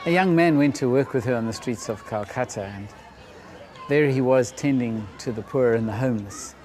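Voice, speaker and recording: A man with a dark, mellow voice tells a story in an earnest, steady way. He sounds like he is addressing a church audience. There is a faint hiss underneath. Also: medium pitch, normal speed, some chatter behind. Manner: earnest, storytelling with acted quotes. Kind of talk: narration with a story.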